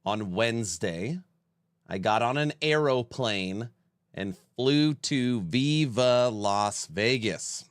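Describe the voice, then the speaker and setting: A man's voice: medium pitch, expressive, takes it slowly, no echo, studio quality. A man in his forties hosting a casual livestream and reading chat aloud. He sounds stuffed up and worn out and talks in a rambling, self-mocking way. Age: 40s. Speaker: streamer host.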